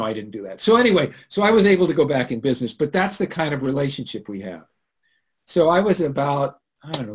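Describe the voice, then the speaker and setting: Husky man hosting a live webinar. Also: mid-range voice. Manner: animated storytelling, swinging from loud to hushed. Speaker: webinar host. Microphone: computer mic on a video call.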